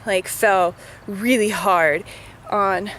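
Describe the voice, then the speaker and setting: A woman's voice: medium pitch, fairly even intonation, very slow, a bit bright, slight background noise. A woman vlogging in a casual chat, talking in a chatty, filler-heavy way and venting her frustration.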